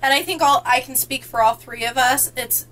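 Bubbly high-voiced woman from Indiana. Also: moderate pace, poor audio. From North Central Indiana, US. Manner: bubbly, excitable, laughs often. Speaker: book vlogger hosting a book tag. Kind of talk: casual chat among friends.

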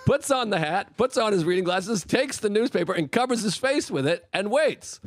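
A man's voice: high voice, normal speed, no echo. A man telling a long joke in casual podcast banter, acting out the characters' lines. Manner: animated storytelling, acts out quoted characters.

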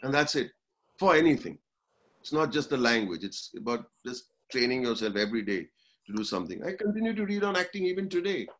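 A man, giving an online talk as actor and motivational speaker, telling stories with lively acted voices. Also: mid-range voice, a little fast. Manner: animated storytelling, acts out the voices in his anecdotes.

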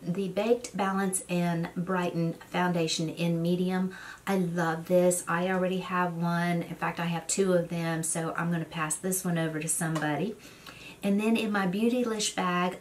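A woman's voice: fairly low pitch, a little hiss or hum. A middle-aged woman, chatting casually and rambling on as a beauty vlogger. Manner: rambling storyteller who goes on and on. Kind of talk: casual get-ready-with-me chat.

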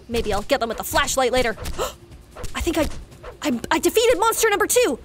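High, animated woman narrating a game. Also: normal speed, a little hiss or hum. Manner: excitable, dramatic gasps and exclamations. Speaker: gaming video host. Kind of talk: narrating a Roblox game while playing.

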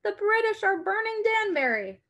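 A woman's voice: extremely high pitch, very animated, normal speed, voice pushed up, full character voice. A woman voicing a brave teenage girl on horseback, calling out an urgent alarm in a storybook read-aloud. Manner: urgent, shouting calls.

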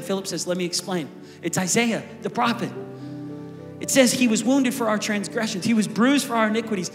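A man with a high voice preaches to a large church congregation, chatty and lively, often asking them questions. His voice echoes through a big hall with long reverb while music plays clearly underneath. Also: a little fast. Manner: conversational, energetic preaching with asides to the congregation. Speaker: pastor. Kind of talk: sermon.

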